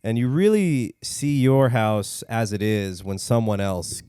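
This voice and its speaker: A young man co-hosting a podcast, telling funny stories in a casual, animated way and acting out other people's lines in exaggerated voices. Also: fairly low pitch, a little slow, clear, resonant tone, no room sound, clean studio sound. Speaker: podcast co-host. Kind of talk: casual comedic storytelling.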